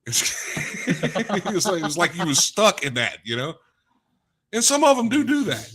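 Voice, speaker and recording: A man with a deep voice, co-hosting a casual podcast chat and telling stories with jokes. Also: huge pitch swings, moderate pace, a bit bright, a little hiss or hum. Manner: storytelling, joking. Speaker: co-host.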